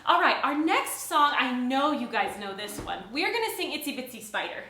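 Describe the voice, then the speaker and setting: A woman's voice: sits high, sing-song, normal speed, sharp tone. A woman teaching a children's music class, singing nursery songs and cheerfully coaxing the kids to join in. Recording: echoey room.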